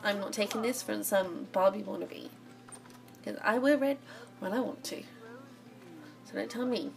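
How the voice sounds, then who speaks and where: A woman's voice: medium pitch, moderate pace, creaky, close to an everyday voice. Defiant young woman, indignant and snapping, played by a woman narrating a game.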